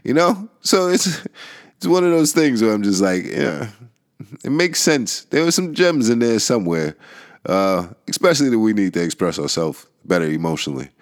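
A man's voice: lowish voice, sing-song, normal speed. A man hosting a casual solo podcast, rambling and swearing, laughing often and trailing off into mumbles. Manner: rambling and profane, with frequent laughs and restarts. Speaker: podcast host.

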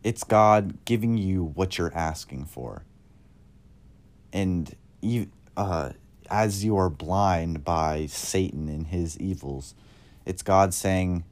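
A man earnestly sharing his Christian faith in a casual testimony, halting often with fillers. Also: low-pitched, a little mellow.

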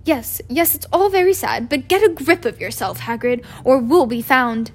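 A woman reading aloud, voicing a stern older witch who hisses urgent, hushed warnings. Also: high voice, normal speed. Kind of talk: audiobook reading.

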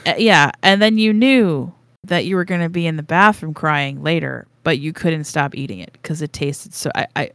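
A woman co-hosting a casual gardening podcast, telling stories in a chatty, animated way with frequent laughter. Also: low voice, normal speed, dry recording, clean studio sound. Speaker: podcast co-host. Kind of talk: casual chat.

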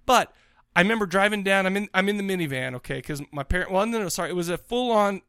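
A man's voice: high-pitched, quick pace, smooth, no room sound, clean studio sound. A man co-hosting a podcast, telling rambling crude stories in casual chat. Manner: animated, rambling, crude joking. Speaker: podcast co-host.

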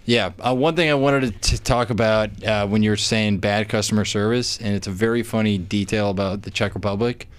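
A young man co-hosting a casual podcast chat, telling animated stories, acting out quotes and swearing freely. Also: fairly low pitch, brisk, hardly any pauses. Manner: animated storyteller, acts out quotes, swears often. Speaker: podcast co-host.

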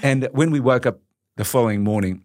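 An Australian man in his sixties, a podcast guest telling stories in a lively, animated way. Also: medium pitch, a little fast, no echo, clean studio sound. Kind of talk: casual storytelling.

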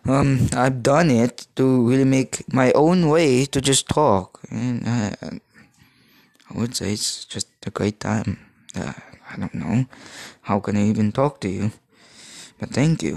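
Speaking in a mid-range, darkish voice, a podcast host in his thirties from the Philippines talks on his own. He rambles and halts, frequently restarting while hunting for words, and the recording is dry.

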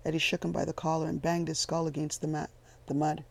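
Gravelly male storyteller, steady and flat in pitch. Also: fast. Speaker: audiobook narrator. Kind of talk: scripted narration.

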